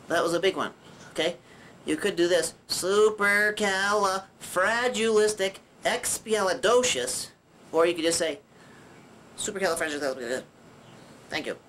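A man voicing a chatty male puppet who teaches puppetry with jokes and rambling asides, often clearing his throat. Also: a little high, level tone, fast talker, slight background noise, lightly acted. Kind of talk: puppet demonstration lesson.

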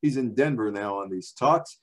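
A man's voice: fairly low pitch, moderate pace. A man, probably in his sixties, from the New York area, giving a chatty library talk with slides, full of asides and rhetorical questions. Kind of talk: storytelling presentation with slides.

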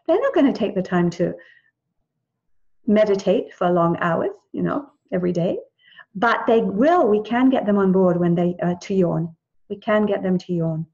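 A woman's voice: medium pitch, warm tone. A woman leads a wellness class over a dull, lo-fi line. She talks in a chatty, encouraging way and often breaks off mid-sentence to start again. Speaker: wellness teacher. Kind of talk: live group class over video call.

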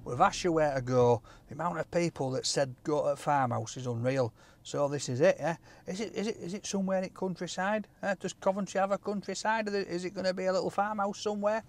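A man hosting a food vlog, joking and calling out loudly while he drives and walks about. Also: sits high, quick pace. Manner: jokey, loud exclamations. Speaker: food vlogger host. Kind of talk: casual vlog chat. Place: car, then outdoors. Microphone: camera held by a cameraman.

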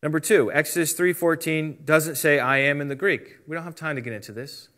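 A man's voice: fairly high pitch, fairly quick, sharp tone. A middle-aged man giving a casual Bible teaching talk, explaining step by step and reading out translations.

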